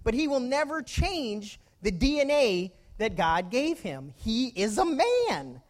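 A man's voice: very high-pitched, wildly swooping pitch, slow pace. A man, a pastor, preaching a sermon with homely stories and questions to the congregation.

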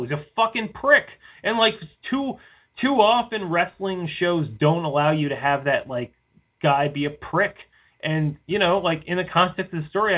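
A man co-hosting a podcast in casual, rambling chat, swearing freely and leaning on "like" a lot. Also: on the high side. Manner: rambling, swears often, leans on "like". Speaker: podcast co-host. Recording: tinny phone-like line.

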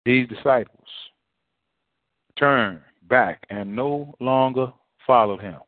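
A man's voice: medium pitch, takes it slowly, no room sound. A male pastor preaching a sermon in a folksy, repetitive way, full of rhetorical questions. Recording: tinny phone-line sound, dry.

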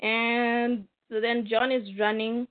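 A woman's voice: on the high side, little pitch movement, takes it slowly. A woman reviewing comics in a casual recap, retelling the plot with fillers and asides. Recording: tinny phone-like line.

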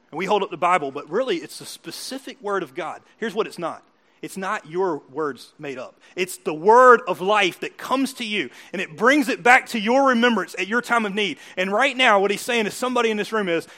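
A man preaching from the pulpit in a high voice, asking his listeners question after question. He builds to loud, emphatic peaks, then drops into quiet, soft asides. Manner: asks the listeners questions again and again. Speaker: pastor. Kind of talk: sermon.

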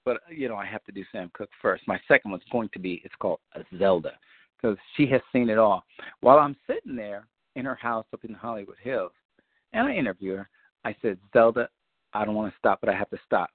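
A man on a community call, telling a long story in a loose, profane way and acting out scenes with high-pitched quotes. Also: expressive, a little fast, dry recording. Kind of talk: animated storytelling chat. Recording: dry, phone-like line.

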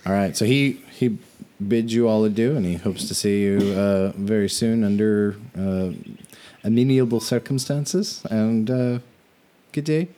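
A man's voice: on the low side, a little slow, dark tone. A man narrating as game master in a casual, rambling way with many fillers.

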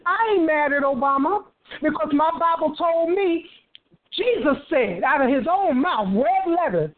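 A woman's voice: high-pitched, lively intonation, a little slow, phone-quality sound. A woman preaching with fervor, breaking into hallelujahs and repeating phrases as she drives her points home. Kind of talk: fervent preaching.

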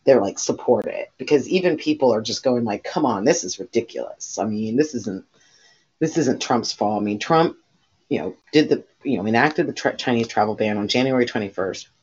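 A woman's voice: extremely low pitch, moderate pace, darkish tone, slightly rough. A woman co-hosting a podcast in casual chat, rambling and swearing freely, with lots of fillers. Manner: rambling, profane, many fillers. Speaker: podcast co-host. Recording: dull lo-fi recording.

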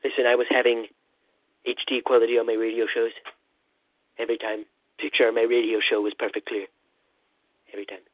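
A man doing a comic impression of a rambling, boastful male president, calling in over a phone line with a husky voice. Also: medium pitch, little pitch movement, fairly quick, pauses often, dry recording, lightly acted. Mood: blustering. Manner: rambling, repetitive "listen", boastful bluster. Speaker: comedy caller. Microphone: phone call-in. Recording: tinny phone line, dry.

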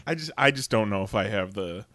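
A man's voice: fairly low pitch, animated, brisk, a bit bright, dry recording. A man co-hosting a podcast in casual chat, ranting with plenty of swearing and frequent laughs. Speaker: podcast co-host.

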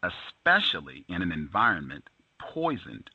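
A man reads a book passage aloud on a talk show. He has a gravelly, husky voice with a lively, rising and falling pitch and frequent "uh" fillers. The recording sounds dull and lo-fi. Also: moderate pace, dry recording. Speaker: host.

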